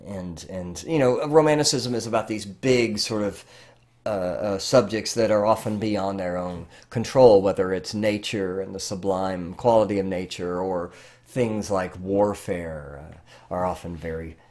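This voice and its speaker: A man's voice: low voice, measured pace, darkish tone. A middle-aged man lecturing on art history, talking through slides with many fillers and restarts. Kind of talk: recorded lecture.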